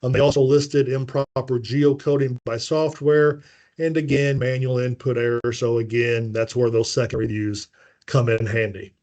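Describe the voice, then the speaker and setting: A middle-aged man presents a webinar lesson, walking through each point in an explanatory way. He talks at a middle pitch, drops in dry little jokes and leans on filler words. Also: level tone, moderate pace, darkish tone. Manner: plain explanatory delivery with dry asides and frequent fillers. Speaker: webinar presenter on bank compliance.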